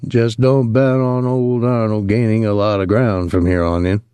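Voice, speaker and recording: A man reading as a young soldier from Saint Louis, talking in a soft, lazy drawl with an ironic edge. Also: fairly low pitch, fairly even intonation, moderate pace, clear, resonant tone, no room sound, lightly acted.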